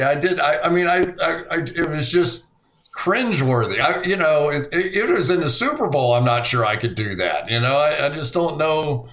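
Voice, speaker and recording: A middle-aged man co-hosting a podcast in casual chat, telling stories with lively acted-out quotes. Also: normal speed. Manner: animated storyteller, acts out quotes with big pitch jumps. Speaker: podcast co-host.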